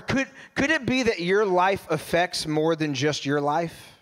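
A man's voice: sits high, animated, normal speed, few pauses. A male pastor preaching a casual, conversational sermon, often restarting his phrases.

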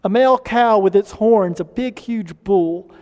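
A pastor preaching a sermon earnestly, rising in emphasis and slowing down to stress key lines. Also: male voice, high-pitched, a little mellow, big-room sound.

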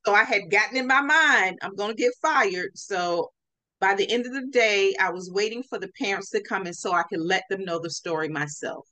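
A woman's voice: mid-range voice, moderate pace, no echo, poor audio. A woman podcast host telling a story in a casual way, acting out what people said. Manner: animated, acts out quoted speech.

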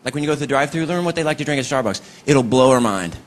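A middle-aged man performing stand-up comedy on a stage, animated and slipping into put-on voices. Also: mid-range voice, very fast, in a large hall. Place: theater stage before a live audience. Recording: live show with loud crowd noise. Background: audience laughing.

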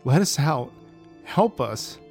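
A man's voice: a little high, big pitch swings, slow, creaky, a little mellow, faint music behind, voice pushed up, full character voice. A man voicing a terrified woman trapped behind a door, screaming and pleading desperately for help.

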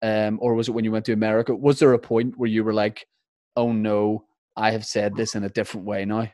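A man's voice: fairly low pitch, little pitch movement, a little fast, warm tone, dry recording, clean studio sound. A man with a Northern Irish accent hosting a casual interview, chatty and rambling with lots of fillers.

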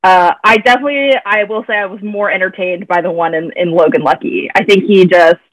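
A woman's voice: lowish voice, brisk, no room sound, poor audio. A woman from the American South chatting casually about a film on a podcast, laughing often and rambling. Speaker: podcast co-host.

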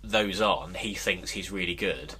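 Male podcast co-host, bright voice, rambling storyteller in casual chat. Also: deep voice, measured pace, husky. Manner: rambling storyteller, acts out quotes.

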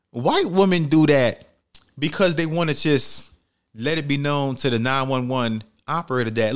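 A man's voice: a little high, lively intonation, moderate pace, fairly bright tone, smooth. A young man from New York City hosting a podcast, giving blunt, profane, heated commentary in casual talk. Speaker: podcast host.

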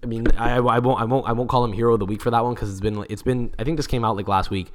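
A man's voice: medium pitch, steady tone, very fast. A man co-hosting a casual football podcast, rambling with lots of restarts and swearing. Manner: rambling, many restarts, swears, laughs at own stories; reads Italian quotes and translates them. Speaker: podcast co-host.

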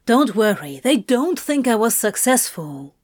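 A woman reading aloud and voicing a sly male demon who speaks low and seductively in slow murmurs. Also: no room sound, studio quality, lightly acted. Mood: low, worried. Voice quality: low, hushed.

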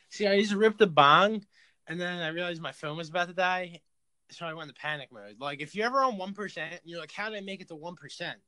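A man's voice: high-pitched, expressive, moderate pace, bright, forceful tone, no room sound. A young man hosting a podcast in loose, casual chat, swearing freely. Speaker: podcast host.

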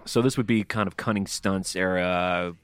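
A man's voice: low voice, steady tone, moderate pace, a bit bright, smooth, no room sound. A man hosting a podcast in casual, rambling chat, full of fillers and jokes. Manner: rambling, filler-heavy and jokey. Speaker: podcast host.

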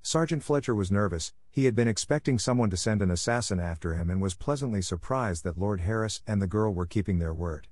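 A man narrating a fantasy novel in an even, measured storytelling manner. His voice sits very deep, and the recording is dry and close, with no room sound. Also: no room sound. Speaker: audiobook narrator. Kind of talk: scripted narration.

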